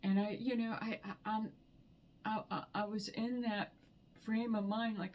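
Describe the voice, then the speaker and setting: Woman vlogger, emotional and near tears, slow halting delivery, faint background noise. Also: a little high, little pitch movement, dull audio. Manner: soft, halting, repeats words. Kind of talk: personal grief vlog.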